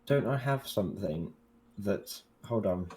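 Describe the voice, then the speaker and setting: A man's voice: lowish voice, lively intonation, measured pace, a little mellow, a little hiss or hum. A man playing in a tabletop game, talking hesitantly while searching for the right words. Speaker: player. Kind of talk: casual tabletop play.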